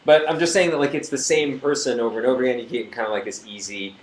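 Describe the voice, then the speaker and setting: A young man chatting casually on a livestream, answering fan questions in a halting, joking way. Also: mid-range voice, steady tone, roomy sound, poor audio.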